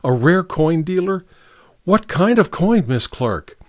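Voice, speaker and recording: A man's voice: on the high side, big pitch swings, slow pace, no echo, studio quality, voice pushed up. Haughty aristocratic baroness, clipped and imperious, read by a man narrator. Audiobook reading. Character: aristocratic woman collector, haughty and eager.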